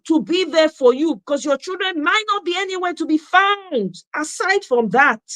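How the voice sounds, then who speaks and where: A woman's voice: sits high, a bit bright, no echo. A woman with a Nigerian accent delivering an impassioned monologue, repeating herself for emphasis and slipping into Pidgin asides. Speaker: commentator. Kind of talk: passionate monologue.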